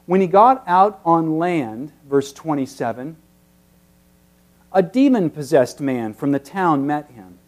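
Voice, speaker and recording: A man preaching an expository sermon, teacherly, with emphatic peaks that drop to very soft passages. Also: on the high side, lively intonation, takes it slowly.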